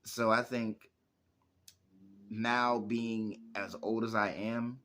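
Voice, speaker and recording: Young man, very low voice, rambling, lots of fillers, casual interview. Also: level tone, very slow, a bit bright, a little hiss or hum. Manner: rambling, heavy use of "like" fillers. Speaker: music producer and rapper.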